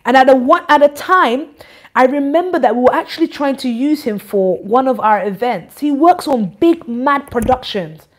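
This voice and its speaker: A woman giving an informal church address, animated, teasing and scolding. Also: high-pitched, moderate pace. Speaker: church leader.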